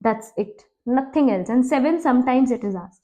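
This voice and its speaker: Indian english lady teacher, high voice, quizzes then answers herself, slows right down on key terms. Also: expressive, warm tone. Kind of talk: exam-prep lecture at a board.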